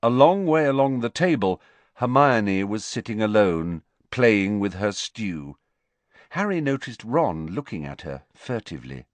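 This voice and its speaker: Brief: male narrator, widely varied pitch, dry close studio sound. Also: unhurried, no echo. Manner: expressive storytelling. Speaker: audiobook narrator. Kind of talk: scripted narration.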